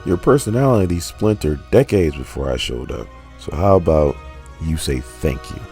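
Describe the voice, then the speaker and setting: A man's voice: extremely low pitch, animated, normal speed, darkish tone, faint music behind. A man voicing the Hulk as a bitter, boastful brute who taunts Banner. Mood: taunting.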